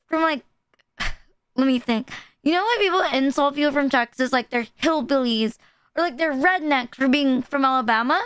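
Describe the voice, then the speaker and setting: A woman's voice: high voice, a bit bright. A woman from the Philippines, chatting casually and profanely as a streamer reacting to videos. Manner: loose, profane, laughing asides. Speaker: VTuber streamer.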